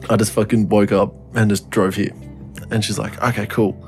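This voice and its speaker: A man's voice: fairly low pitch, level tone, moderate pace, darkish tone, faint music behind. A young man telling a story in casual podcast chat, rambling, swearing often and laughing through it. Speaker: podcast co-host.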